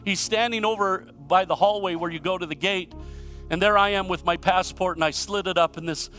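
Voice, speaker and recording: Bright-voiced emphatic preaching man. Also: high-pitched, steady tone, a little fast, soft background music. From Michigan, USA. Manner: emphatic storytelling with rhetorical questions, swinging from loud to hushed. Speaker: pastor. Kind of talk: sermon.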